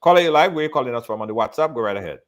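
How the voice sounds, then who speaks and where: Man, live call-in host, repeats words, mid-pitched voice. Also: expressive, racing. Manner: repeats words while steering callers.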